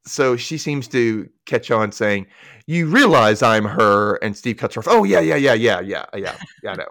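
Podcast guy, medium pitch, super expressive when he quotes people, dry mic. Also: moderate pace, no echo. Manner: animated, acts out quotes from scenes. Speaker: podcast host. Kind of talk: casual recap chat.

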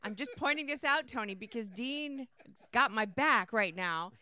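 A woman co-hosting a sports talk show, brisk and chatty, reading out listener notes. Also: a little high, lively intonation, pushed and bright, no room sound. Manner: brisk, reads listener comments. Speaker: co-host. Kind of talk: casual talk show banter.

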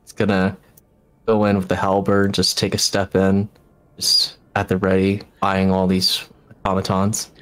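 A man's voice: low voice, completely flat delivery, moderate pace, a bit bright. A man playing a tabletop game, laid-back and casual. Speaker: player.

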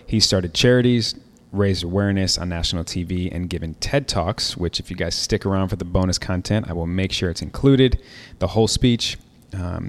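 A man hosting a podcast, upbeat and chatty as he introduces and interviews his guest. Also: low voice. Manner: upbeat, friendly, chatty, with frequent fillers. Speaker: podcast host.

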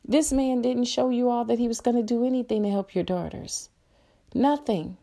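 A woman's voice: a little high, normal speed, gravelly, dark tone. A middle-aged woman hosting a solo podcast, ranting in an angry, blunt and profane way. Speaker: podcast host.

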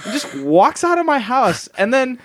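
Young woman podcast co-host, animated chatty storyteller, very expressive pitch. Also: moderate pace, dry recording. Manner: animated storyteller with many "like" fillers. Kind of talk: casual chat.

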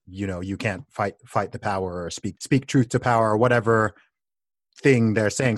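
A man's voice: mid-range voice, no echo. A man hosting a casual conversation, explaining his views emphatically with frequent restarts.

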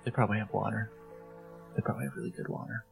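A man's voice: on the low side, fairly even intonation, rapid-fire, gravelly, breathy edge. A man playing in a tabletop game, talking in a laid-back, slangy way. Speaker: player. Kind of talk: casual in-character play. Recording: background music.

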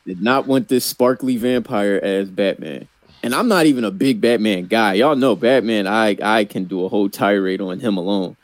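A man's voice: fairly low pitch, moderate pace, no room sound. A man co-hosting a podcast in casual movie chat, laid-back and slangy, laughing easily. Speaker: podcast co-host.

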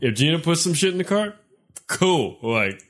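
A man's voice: on the high side, big pitch swings, normal speed, fairly bright tone, faint music behind. A man speaking as a podcast guest in casual chat, joking and emphatic.

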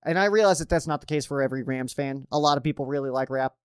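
A young man from Colorado, the host of a fan stream, reads out viewer questions and answers them in a rambling, excitable way, and he gets worked up easily. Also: mid-range voice, quick pace, smooth, no echo, clean studio sound. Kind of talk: casual livestream chat.

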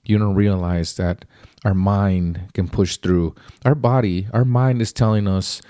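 A man's voice: sits low, fairly even intonation, measured pace, mellow, no room sound, studio quality. A man giving a casual, rambling spoken book review, often repeating himself and restarting sentences.

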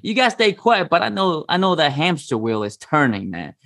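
A man from the Pacific islands talks in a loose, slangy way, laughing through his stories. His voice sits a bit high for a man. The recording is dry and close. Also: very animated, moderate pace, creaky, sharp tone, no room sound. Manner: laughing storyteller, slangy, says man a lot. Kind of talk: casual podcast chat.

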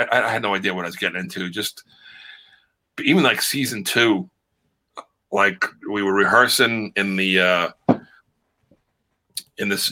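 A man, an actor guest, telling animated stories in casual chat and acting out what people said. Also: lowish voice. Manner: animated storyteller who acts out quotes.

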